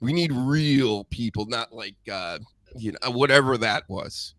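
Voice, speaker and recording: A man's voice: mid-range voice, a little slow, a bit bright, no room sound, studio quality. A man from New England hosting a live-stream show, chatting bluntly with crude jokes. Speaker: host. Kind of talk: casual live-stream chat.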